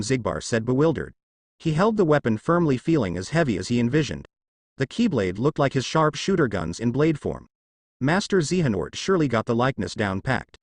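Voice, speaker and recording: A man reads a fan-fiction story aloud, telling it in a steady storytelling manner. His pitch sits in the middle but moves lively up and down. The recording is dry, with no room sound. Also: a little fast, no room sound. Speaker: narrator.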